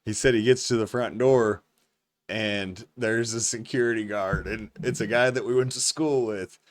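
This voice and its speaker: A man's voice: on the low side, steady tone, moderate pace. A man of about forty hosts a podcast and spins a rambling, casual story. His speech is loose and profane, and laughter breaks through as he tells it. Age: 40s. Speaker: podcast host.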